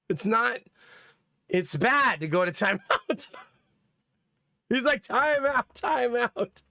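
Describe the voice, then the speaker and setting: A man's voice: high voice, expressive, very slow, pauses often, sharp tone, dry recording, studio quality. A young man hosting a livestream, chatting casually to his viewers, rambling from topic to topic and laughing often. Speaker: livestream host. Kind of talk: casual stream chat.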